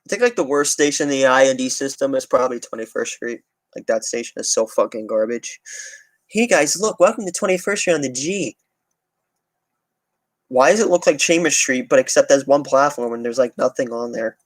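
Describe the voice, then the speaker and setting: A young transit-channel streamer talks fairly quickly in a mid-range voice, with no room sound. His casual livestream chatter wanders, gets restarted midway and is full of swearing.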